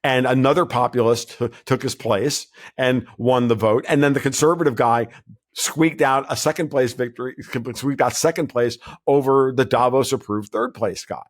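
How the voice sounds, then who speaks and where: Casting: male podcast guest, mid-pitched, blunt, rambling, lots of restarts. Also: fairly even intonation, moderate pace. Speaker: guest commentator. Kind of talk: casual podcast interview.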